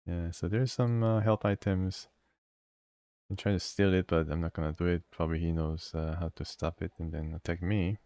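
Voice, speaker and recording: A man playing a video game, reading its text aloud and thinking out loud as he goes. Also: deep voice, fairly even intonation, normal speed, dry recording. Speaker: gamer. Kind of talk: let's play commentary.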